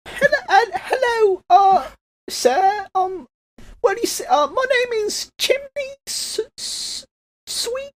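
A man's voice: very high-pitched, big pitch swings, slow, full character voice. A man voicing a timid young boy sweep who stammers and pleads. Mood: timid pleading.

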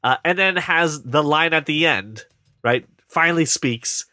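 A man co-hosting a casual movie podcast, rambling and animated, putting on voices to mock scenes. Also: on the high side, a little slow, dry recording, studio quality. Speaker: podcast co-host. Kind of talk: casual movie review chat.

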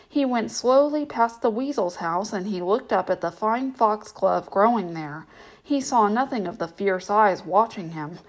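Gentle woman reading a bedtime story. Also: medium pitch, animated, measured pace.

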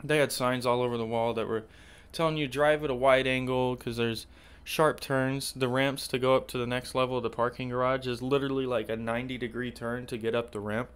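Smooth-voiced man ranting, profane. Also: medium pitch, little pitch movement, a little fast, fairly bright tone. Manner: profane, exasperated, storytelling with slang. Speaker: podcast host. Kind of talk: casual ranting monologue.

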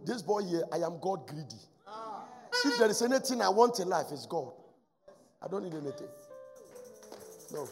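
Gravelly preacher in echoey hall. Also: male voice, high voice. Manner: impassioned preaching, swinging between loud exhortation and hushed asides. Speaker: pastor. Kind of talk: sermon. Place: church hall. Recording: echoey church hall with faint music. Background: faint music.

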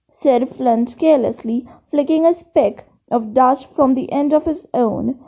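A woman reading a storybook aloud, steady but with occasional slips and restarts. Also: high voice, a little slow, few pauses, lo-fi sound. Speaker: reader. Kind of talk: audiobook reading.

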